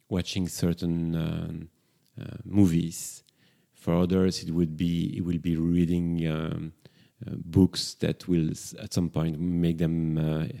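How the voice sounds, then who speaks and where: A man's voice: low-pitched, gravelly, warm tone. A middle-aged male therapist speaking in a reflective talk, hesitant with frequent fillers and restarts.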